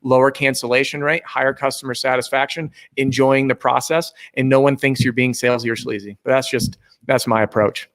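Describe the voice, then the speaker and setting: A man's voice: medium pitch, level tone, fairly quick, few pauses, a bit bright. A man who coaches sales, talking as a podcast guest in a confident, explanatory way. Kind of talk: casual interview talk.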